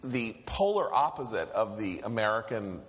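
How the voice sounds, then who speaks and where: A man holds forth with firm opinions in a loose, riffing way. His voice sits at a middle pitch. The live room adds a long reverb and faint background noise. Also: very animated, normal speed. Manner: opinionated, riffing, mock sing-song bits. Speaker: podcast panelist. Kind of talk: live podcast banter.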